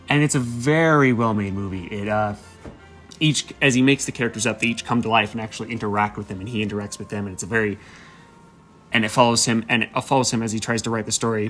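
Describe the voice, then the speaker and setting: A young man talks in a loose, rambling vlog chat at an ordinary middle pitch. He restarts his sentences and drops quick apologetic asides. Soft music plays faintly behind him. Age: young adult. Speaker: vlogger ranking movies. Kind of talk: casual chat.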